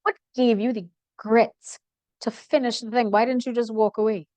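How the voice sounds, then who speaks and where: A woman hosting a broadcast interview, measured and encouraging as she puts questions to her guests. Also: on the high side, steady tone, darkish tone. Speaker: interview host.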